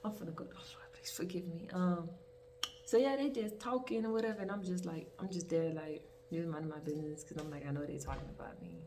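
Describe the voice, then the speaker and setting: Talking a little fast in a lowish voice, a young vlogger spins a wandering, foul-mouthed storytime tale packed with asides. She's recorded from a distance, and a faint hiss sits underneath.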